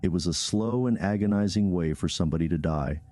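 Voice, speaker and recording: A man giving scripted true crime narration in a measured, solemn way. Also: sits low, mellow, faint music behind.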